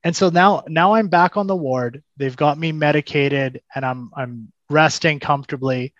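Young adult male guest, animated storyteller, slightly high voice, dull dry remote audio. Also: normal speed, no room sound. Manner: animated, acts out quoted dialogue, frequent restarts. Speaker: podcast guest. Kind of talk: telling a personal story in conversation.

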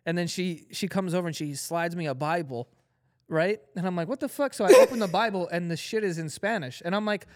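A young adult man as a podcast guest, telling a story in an animated, profane, mock-outraged way. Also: high-pitched, fairly quick. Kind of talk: casual chat.

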